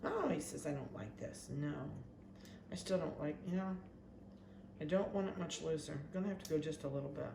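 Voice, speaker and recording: A dog breeder chatting casually while weighing and collaring puppies, talking softly and coaxingly to them. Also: medium pitch, expressive, brisk, creaky. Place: indoor kennel room. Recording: echoey room with faint background noise.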